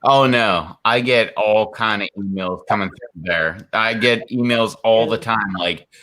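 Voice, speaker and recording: A man's voice: fairly low pitch, a little slow, bright, forceful tone. A man hosting his own live stream, chatting casually with jokes and rambling asides. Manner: joking, rambling. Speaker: streamer host. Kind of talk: casual chat.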